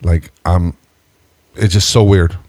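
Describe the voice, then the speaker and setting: A man telling a story in casual chat, animated, jumping up in pitch when he acts out what people said, swearing and laughing along the way. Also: takes it slowly, no echo. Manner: animated storyteller, jumps high when acting out quotes, laughs often; swears freely, says "bro" and "dude". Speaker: podcast co-host telling a story.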